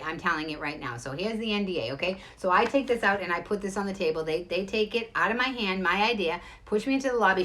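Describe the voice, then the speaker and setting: A woman's voice: mid-range voice, sharp tone. A woman telling a personal story straight to camera, emphatic and full of restarts. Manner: rapid, emphatic, restarts a lot. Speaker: show host.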